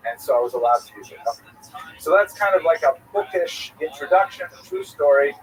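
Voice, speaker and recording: A man's voice: medium pitch, lively intonation, brisk. Rambling middle-aged man lecturing from afar. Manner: rambling storyteller with frequent fillers and restarts. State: a little flustered after rushing. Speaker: rabbi giving a Talmud class. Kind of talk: lecture with personal anecdote. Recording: distant mic with faint noise.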